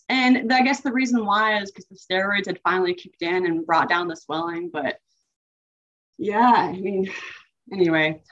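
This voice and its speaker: A woman guest on an interview, recounting a painful personal story in a halting, emotional way with many fillers. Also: medium pitch, fairly bright tone. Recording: dull lo-fi audio.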